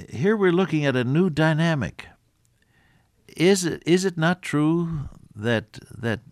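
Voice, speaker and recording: An older man gives a folksy, earnest sermon in a fairly low voice. He leans on rhetorical questions and stops now and then to clear his throat. The sound is dry and close, with no room echo. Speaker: radio Bible teacher.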